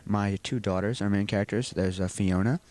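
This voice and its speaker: A teenage boy with a fairly low voice answers questions for a school video. He talks earnestly and rambles through long explanations. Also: steady tone, a little fast, darkish tone, a little hiss or hum. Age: teens. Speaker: student actor being interviewed.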